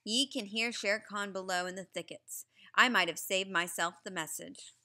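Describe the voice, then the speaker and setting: Woman reading a sly male jackal, flattering and spiteful, in a bright voice. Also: medium pitch, moderate pace. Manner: flattering, sneering.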